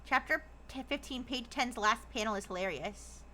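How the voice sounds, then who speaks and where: A woman's voice: on the high side, moderate pace, sharp tone, slight background noise. A young woman streaming live who chats casually, giggles often, and reads viewer messages aloud before riffing on them.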